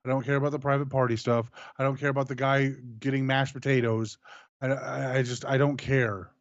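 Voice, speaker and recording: A man's voice: mid-range voice, little pitch movement, fairly quick, no room sound. Frank male co-host, dull lo-fi sound. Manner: frank, repeats himself, swears. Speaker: co-host of a wrestling review show. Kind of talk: casual chat.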